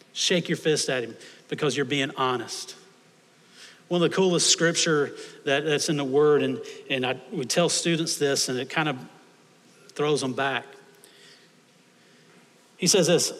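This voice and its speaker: A male pastor delivers a sermon, pressing his points by repeating phrases. His voice sits a little high for a man. It rings out with long reverb through a church hall. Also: a bit bright. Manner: emphatic, repeats phrases for stress.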